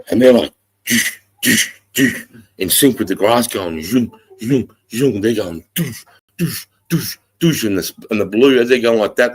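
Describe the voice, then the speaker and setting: A middle-aged Australian man with a very low voice tells a long story on his livestream. He rambles, swears freely and gets animated as he relives it. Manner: rambling, profane, animated retelling. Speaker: livestream host.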